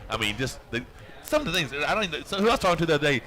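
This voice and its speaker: A man commentating a live arm wrestling event with an energetic, joking delivery. His voice is bright and forceful, and he talks quickly without pausing. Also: fairly high pitch. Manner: energetic, hype-driven, joking.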